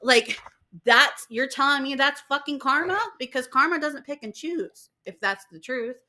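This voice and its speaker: A woman's voice: sits high, normal speed, pushed and bright. A young woman ranting casually to camera about spiritual ideas, getting worked up, swearing often and acting out other people's voices. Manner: fired-up, swears a lot, acts out voices. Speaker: spiritual vlogger.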